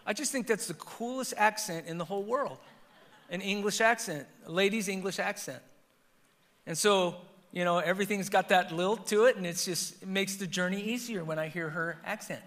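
A middle-aged man preaching a sermon as pastor, swinging between loud emphatic peaks and quiet, low passages. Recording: long hall reverb.

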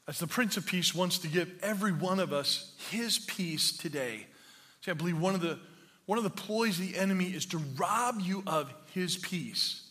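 Guy preaching in a church, high bright voice, jokes about himself then gets loud and fired up, big echoey hall. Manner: storytelling with self-mocking humor, then building to emphatic preaching. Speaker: pastor. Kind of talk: sermon.

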